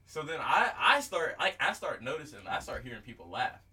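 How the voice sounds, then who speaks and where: A man's voice: on the high side, very animated, a little fast, sharp tone, husky, recorded from a distance. A young man on a podcast, telling funny stories in casual chat, laughing and swearing as he goes. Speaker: podcast co-host, firefighter.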